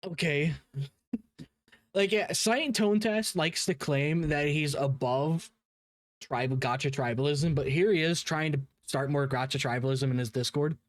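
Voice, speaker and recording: A young man in a rambling, swear-heavy reaction commentary, often stopping mid-sentence to restart. His voice sits a bit high, and the close mic sounds dry and dead. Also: unhurried, no echo. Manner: rambling and profane, with frequent restarts and laughs. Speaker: drama commentary host.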